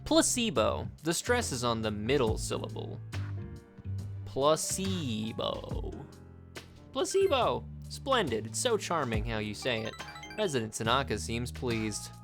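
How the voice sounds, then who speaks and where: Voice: mid-range voice, big pitch swings, moderate pace, music in the background. A streamer reading out the lines of a smug, scheming male businessman who lectures the listener. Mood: smug lecturing.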